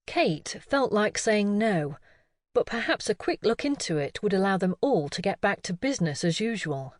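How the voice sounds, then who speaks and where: A woman narrating an audiobook mystery in a calm, expressive way. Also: fairly low pitch, normal speed, dry recording, studio quality. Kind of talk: scripted narration.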